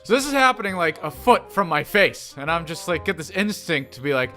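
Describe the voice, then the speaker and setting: A man spinning a comedic story straight to camera, animated and quick to slip into other characters' voices. His voice sits high and bright and cuts through. Faint music runs quietly underneath. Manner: animated, acts out every character.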